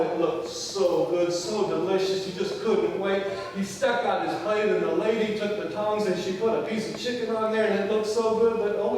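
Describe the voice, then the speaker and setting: High-voiced pastor preaching in an echoey hall. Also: male voice, a little hiss or hum. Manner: acts out quoted voices, drops to quiet for key points. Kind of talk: sermon with storytelling. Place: large church sanctuary. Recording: echoey church hall from far off.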